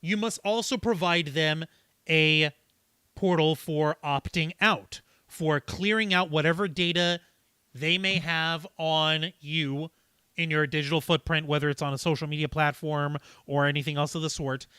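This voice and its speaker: A male livestream host talks through a topic in a loose, rambling way, full of fillers and restarts. His voice is bright and smooth, and the sound is dry and close. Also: on the high side, fairly even intonation, a little slow, no room sound. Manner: explains at length with fillers and restarts. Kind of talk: casual livestream discussion.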